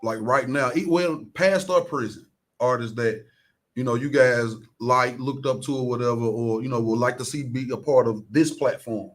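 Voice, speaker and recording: A man, co-hosting a radio chat in a relaxed, reminiscing way. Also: mid-range voice, normal speed. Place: radio studio.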